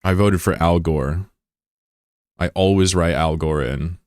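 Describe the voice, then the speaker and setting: Low-pitched American guy streaming, cracking crude jokes while answering chat, dry close mic. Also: unhurried, a little mellow, no room sound. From United States. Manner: joking, profane, rambling asides. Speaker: live streamer. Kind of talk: casual chat, reading out viewer comments.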